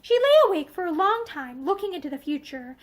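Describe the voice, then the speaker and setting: A woman reads a novel aloud, seated indoors and facing the camera. Her voice is very high and moves a great deal as she tells the story. Her delivery is expressive throughout. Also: a little fast. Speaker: audiobook reader.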